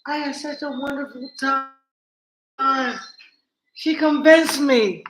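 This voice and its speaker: A woman vlogging in a casual monologue, animated and blunt, cursing freely and talking straight to her viewers. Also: high voice, slow pace, echoey room, poor audio.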